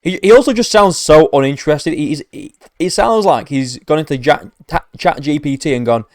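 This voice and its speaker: A man's voice: a little high, normal speed, dry recording, clean studio sound. A man giving profane, mocking reaction commentary as an MMA commentator, ranting sarcastically.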